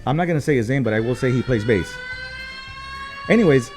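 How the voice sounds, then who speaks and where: A man's voice: medium pitch, lively intonation, a little fast, over music. A man, co-hosting a casual talk show and telling a long story, with many fillers, swearing and switches into Spanish. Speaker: co-host.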